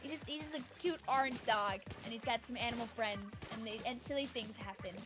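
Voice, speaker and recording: High-voiced chatty young woman streamer. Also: fairly quick. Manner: rambling, chatty, laughing often, reads out chat. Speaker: game streamer. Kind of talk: casual live-stream chat while gaming. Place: home. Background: game music.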